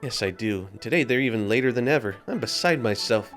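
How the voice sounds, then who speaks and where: A man's voice: medium pitch, lively intonation, fast talker, a bit bright, soft background music, natural voice. A man voicing a worried village mother in a game. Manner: anxious, fretful.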